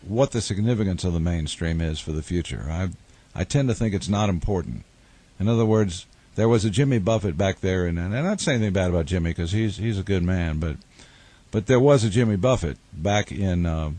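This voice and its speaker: A man's voice: deep voice, warm tone. A man, a musician and author telling wry, rambling stories in a radio studio interview. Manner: rambling, wry storytelling with restarts.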